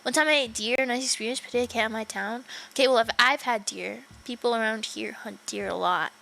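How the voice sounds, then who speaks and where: A woman's voice: fairly high pitch, a little fast, creaky, pushed and bright, low-quality recording. A young woman livestreaming a game, chatting casually with her viewers, giggling often and swearing offhandedly. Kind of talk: casual gaming livestream chat.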